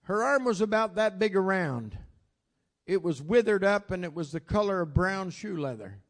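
Older male preacher, high voice, folksy storyteller who swings loud to soft. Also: sing-song, normal speed. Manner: folksy storytelling with plain southern-style grammar; swings from loud exclamations to low asides. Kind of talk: sermon.

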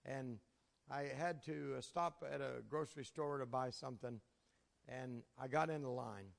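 A man with a medium-pitched voice and vocal fry speaks at a normal pace as he preaches a sermon, chuckling through folksy stories from his ministry. The recording carries the long reverb of a large church sanctuary.

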